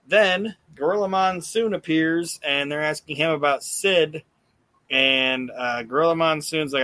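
Bright-voiced man, casual podcast recap. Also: mid-range voice, moderate pace, no room sound. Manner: animated retelling, acting out quotes, swears freely. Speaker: podcast host recapping wrestling. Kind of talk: casual chat.

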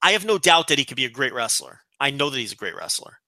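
A man's voice: medium pitch, sing-song, fast talker, bright, forceful tone, no echo. A man co-hosting a podcast, giving opinionated analysis in casual talk with frequent restarts. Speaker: podcast co-host.

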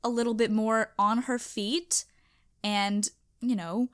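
A young woman hosting a podcast, chatting casually and emphatically on her own, animated and self-reflective. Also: a little high, takes it slowly, smooth. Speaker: podcast host. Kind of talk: casual solo chat.

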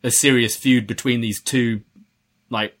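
A man with a bright, forceful tone and a mid-range pitch, sharing his opinions in a casual chat. He sounds eager and stumbles into restarts as he builds his points. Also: fairly even intonation, unhurried. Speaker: podcast co-host.

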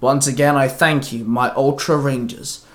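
A man voicing a proud, solemn elder mentor, speaking in a measured, formal way. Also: mid-range voice, steady tone, close to an everyday voice.

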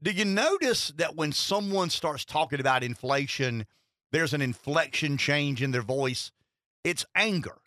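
Animated talk radio host. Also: male voice, on the high side, a little slow, dry recording, studio quality. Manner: animated, repeats words and restarts often. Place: radio studio. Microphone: studio headset mic.

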